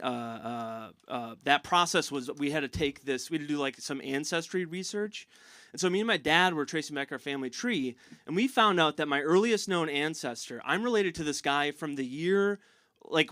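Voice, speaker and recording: A man performing a stand-up set on stage. He speaks haltingly with many uh fillers and dry jokes. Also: on the high side, fairly bright tone, clean tone, no echo. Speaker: stand-up comedian. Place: live comedy show on stage.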